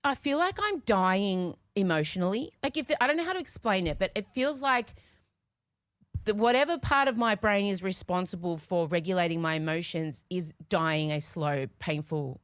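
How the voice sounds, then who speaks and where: A woman's voice: fairly low pitch, lively intonation, normal speed, no echo. A woman in her forties co-hosting a podcast, talking candidly and emotionally while tearful. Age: 40s. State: crying. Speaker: podcast co-host. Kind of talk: casual chat.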